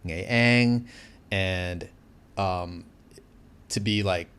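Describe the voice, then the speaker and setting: A man's voice: low-pitched, very slow, a bit bright, smooth. A man from the United States chatting animatedly as a guest in a casual interview, with frequent fillers.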